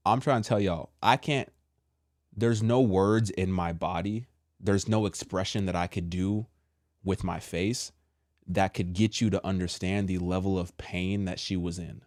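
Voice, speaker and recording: A man casually telling a personal testimony, animated and full of slang, acting out what others said. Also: low-pitched, a little slow, dry recording, studio quality. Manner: animated, acts out quotes with slang. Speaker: storyteller sharing a testimony.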